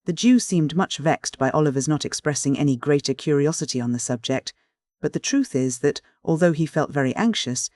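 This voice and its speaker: A man reads a classic novel aloud in steady, measured narration. His voice sits a little higher than most, and the recording is dry and close with no room sound. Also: no room sound. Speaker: audiobook reader. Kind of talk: scripted audiobook narration.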